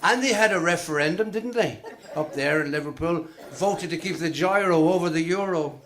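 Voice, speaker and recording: A middle-aged man doing live stand-up comedy, telling quick jokes and slipping into voices for the punchlines. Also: on the high side, noisy background. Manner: brisk joke-telling, swapping voices for punchlines.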